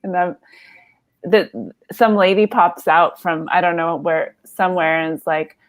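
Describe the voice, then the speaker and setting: A woman's voice: on the low side, fairly even intonation, measured pace. A woman in her thirties telling a comedy story, rambling and self-deprecating with lots of fillers and laughs.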